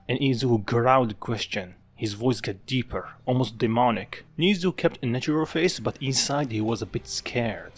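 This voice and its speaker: A man's voice: mid-range voice, normal speed, hardly any pauses, slightly rough. A man narrating a fan story in a casual, offhand way. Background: background music.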